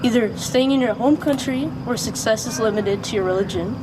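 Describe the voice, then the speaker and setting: A young woman in her late teens giving a prepared speech as a student speaker, polite and measured. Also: a little high. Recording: noisy recording.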